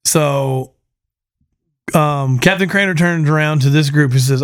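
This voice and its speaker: A man with a fairly high voice hosts a casual podcast. He tells his stories in an animated, profane way and laughs a lot as he goes. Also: unhurried, clean tone. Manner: profane, animated storyteller who laughs often. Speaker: podcast host. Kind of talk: casual storytelling chat.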